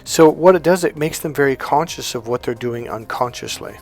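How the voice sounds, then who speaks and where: A man's voice: medium pitch, a little fast, a little mellow, soft background music. Middle-aged man teaching casually. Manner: conversational, acts out quoted dialogue. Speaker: life coach and NLP trainer. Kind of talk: informal teaching monologue.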